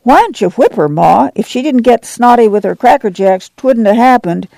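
Man doing a tattling little boy, high and whiny, gravelly, dry. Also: lively intonation, normal speed, a little mellow, no echo, exaggerated voice. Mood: eager, whiny. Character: tattling, smug young boy.

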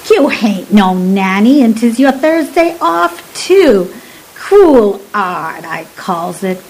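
A woman's voice: medium pitch, big pitch swings, slow, darkish tone, a little hiss or hum, poor audio. A woman voicing a chatty young housemaid who drops her h's and gushes. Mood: gossipy. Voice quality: dropped h's, broad working-class speech. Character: cockney maid Lucy, gossipy and excitable.

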